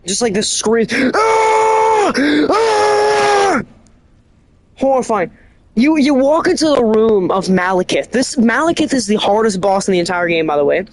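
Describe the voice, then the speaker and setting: A streamer chatting casually about a game in a rambling, excitable way, often restarting and correcting themselves. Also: medium pitch, fairly quick. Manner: animated storytelling with bursts of laughter.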